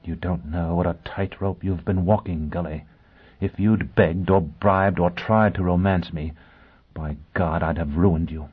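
A man voicing a bitter, proud young woman in an audiobook, speaking in a low, cutting, scornful way. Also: expressive, unhurried, breathy edge. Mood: furious. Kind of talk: audiobook character voice. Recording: tinny phone-like sound.

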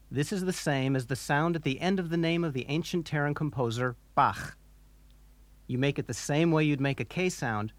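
A man narrating a scripted language lesson, pronouncing harsh guttural words slowly and deliberately for the listener to repeat. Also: a little high, no echo. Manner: slow, deliberate pronunciation drills with harsh guttural sounds. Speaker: language instructor.

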